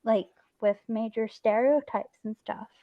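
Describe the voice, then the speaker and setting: Chatty higher-voiced woman, mixed Scottish-English accent. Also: narrow, tinny audio. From Scotland. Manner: rambling, chatty, quick to laugh. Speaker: stream host. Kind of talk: casual chat.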